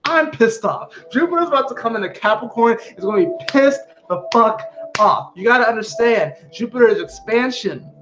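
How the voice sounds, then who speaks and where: A man talking casually to his viewers about astrology in an animated, emphatic way, often swearing. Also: very high-pitched, moderate pace, highs cut off, noisy background. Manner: animated, emphatic, frequently profane. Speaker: astrology vlogger. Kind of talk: casual spiritual chat to viewers.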